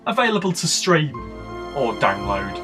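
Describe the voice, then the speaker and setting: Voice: mid-range voice, big pitch swings, normal speed. An announcer reading a promotional spot in a swooping, sing-song delivery. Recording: music playing behind.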